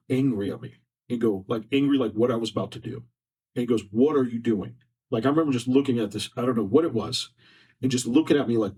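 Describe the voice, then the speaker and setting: A man's voice: mid-range voice, a little mellow, breathy edge. A man on a podcast, sharing a personal story in an earnest, repetitive, emotional way. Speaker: podcast guest. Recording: distant mic from faulty setup.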